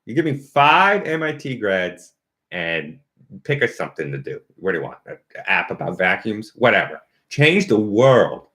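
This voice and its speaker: A man talks through an offhand opinion rant in a fairly low voice that swings widely up and down. He is sarcastic and keeps chuckling at his own jabs. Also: normal speed. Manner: animated, sarcastic, laughs at his own points. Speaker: company commentator. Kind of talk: casual opinion monologue.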